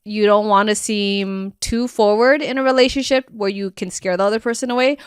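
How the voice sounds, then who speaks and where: A woman's voice: mid-range voice, steady tone, a little fast, smooth, no echo, clean studio sound. A woman co-hosting a podcast with her husband, talking chattily with lots of fillers. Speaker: podcast co-host. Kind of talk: casual chat.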